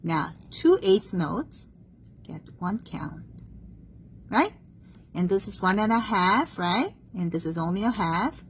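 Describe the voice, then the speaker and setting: A woman's voice: medium pitch, sing-song, slow, slight background noise, low-quality recording. A woman teaching a one-on-one music theory lesson, patient and checking understanding often, having the student repeat terms after her.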